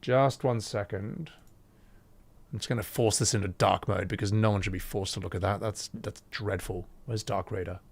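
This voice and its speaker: A man's voice: on the low side, steady tone, moderate pace, gravelly. A man chatting casually on a live stream, opinionated and sweary, with frequent asides.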